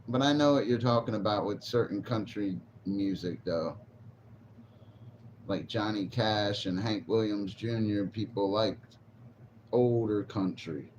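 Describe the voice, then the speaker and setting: A man's voice: fairly low pitch, a little slow, a little mellow. A man livestreaming while stoned, rambling and swearing casually as he answers his chat. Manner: rambling, profane, laid-back. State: stoned, zoned out. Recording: dull lo-fi stream audio with faint noise.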